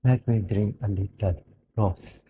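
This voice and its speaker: A hoarse man with a Filipino accent, a doctor speaking earnestly in an emotional personal monologue, switching between English and Tagalog. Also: fairly low pitch, unhurried, highs cut off, slight background noise.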